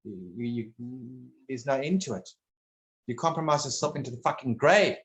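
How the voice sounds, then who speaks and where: A man talking casually one on one, rambling and halting, restarting his sentences and swearing bluntly now and then. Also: medium pitch, lively intonation, a bit bright.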